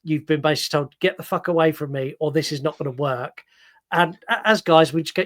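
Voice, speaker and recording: Stumbling, animated podcast co-host. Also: male voice, on the high side, fairly quick. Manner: stumbling, repeating words at the start of sentences; self-mocking and animated. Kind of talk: casual film review chat.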